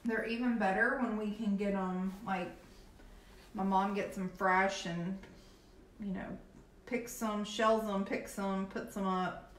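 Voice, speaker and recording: A woman's voice: medium pitch, steady tone, slow. A young adult woman with a Southern US accent chatting casually while painting on a live stream, reading and answering viewer comments. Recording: echoey room with faint background noise.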